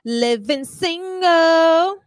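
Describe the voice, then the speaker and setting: Sassy high-voiced woman reading tarot. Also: expressive, very slow, no room sound, clean studio sound, soft background music. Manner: sassy, slangy and playful, acting out little quoted voices. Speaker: tarot reader.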